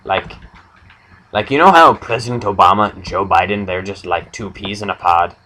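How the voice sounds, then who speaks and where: A young man with a lowish voice spins off-the-cuff absurd stories in a rambling, deadpan way. There is a faint hiss under the recording, like a casual home podcast. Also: normal speed, rough recording. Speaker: comedy podcast host. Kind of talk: rambling improvised comedy chat.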